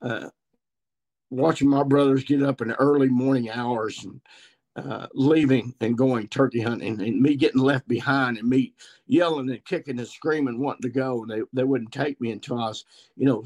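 A man's voice: mid-range voice, steady tone, normal speed, a little mellow. Folksy Ozarks man in his sixties. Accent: Ozarks Missouri. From Missouri. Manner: folksy, rambling country storyteller. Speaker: guest turkey hunter. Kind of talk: podcast storytelling.

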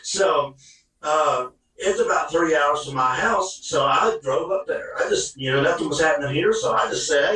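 A man spinning a hunting yarn in a folksy, colloquial way. His voice is fairly high and bright and forceful. The sound is very roomy and heard from a step back off the mic. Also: expressive, normal speed. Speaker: hunting guest telling a story. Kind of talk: casual storytelling. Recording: echoey room, mic at a distance.

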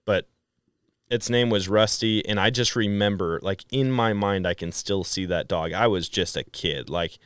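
A middle-aged man from Wisconsin, a podcast guest who tells stories in a casual, animated way and acts out quoted dialogue. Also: fairly low pitch, normal speed, smooth, dry recording, clean studio sound. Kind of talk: casual storytelling chat.

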